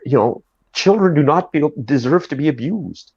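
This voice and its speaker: A man's voice: fairly high pitch, animated, normal speed, darkish tone, slightly rough, dry recording, dull audio. A man hosting a casual video call chat, ranting with sarcasm and mocking voices. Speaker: host.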